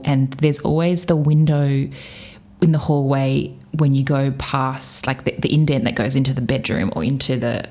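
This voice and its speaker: A woman's voice: deep voice, a little mellow. A young Australian woman from Perth, hosting a podcast and casually telling stories, laughing often. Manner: chatty, laughing, acts out scared voices. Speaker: podcast host. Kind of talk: casual storytelling.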